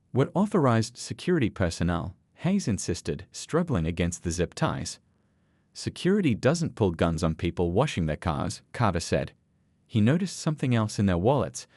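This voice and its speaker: A man narrating a scripted story in a steady, even storytelling read. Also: on the low side, dry recording.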